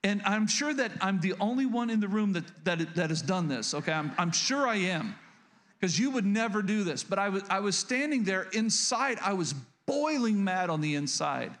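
A man's voice: high voice, lively intonation, normal speed, a bit bright. A man preaching a sermon as pastor, speaking earnestly and confessionally, often restarting and asking the congregation questions.

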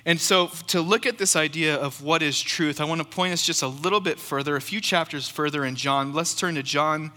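A man's voice: on the high side, brisk, hardly any pauses, bright, forceful tone, big-room sound. A man preaching a sermon as pastor in a church, earnest and emphatic, repeating key phrases for weight. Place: church sanctuary.

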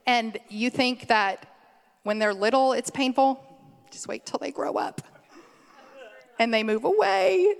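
A woman's voice: high voice, gravelly. Chatty middle-aged woman preaching in a hall. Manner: chatty, laughs easily, goes off on tangents. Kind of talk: conversational sermon. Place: church sanctuary. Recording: long hall reverb.

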